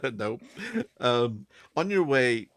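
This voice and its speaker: Game master guy, upbeat and giggly, lively voice, dry close sound. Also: medium pitch, slow, clear, resonant tone, dry recording. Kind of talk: hosting a tabletop game stream.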